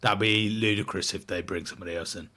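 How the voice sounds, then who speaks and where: A man's voice: on the low side, steady tone, fast, bright, forceful tone. A man co-hosting a podcast in casual chat, playful and reactive. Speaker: podcast co-host.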